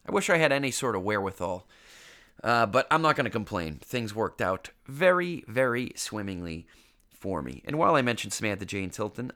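A man's voice: fairly low pitch, bright, forceful tone. A young man hosting a podcast, telling a rambling, self-mocking story in a casual way, with a congested, stuffy voice and plenty of swearing. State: congested, getting over an illness. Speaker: podcast host.

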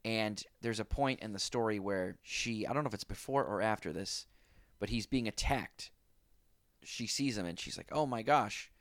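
A low-voiced man co-hosts a podcast, calmly recapping a film in casual chat. He talks at a moderate pace, and the sound is clean studio quality with no echo.

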